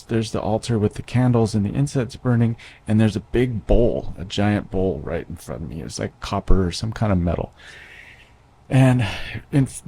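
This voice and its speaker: A man in his thirties with a lowish, creaky, dark voice tells an audience a personal story. He speaks conversationally, with plenty of fillers and restarts.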